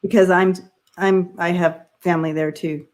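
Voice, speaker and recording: A woman's voice: fairly low pitch, steady tone, normal speed, a little mellow. A woman co-hosting a casual livestream on a video call. She talks in a friendly way, explains things and reads out the chat. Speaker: livestream co-host.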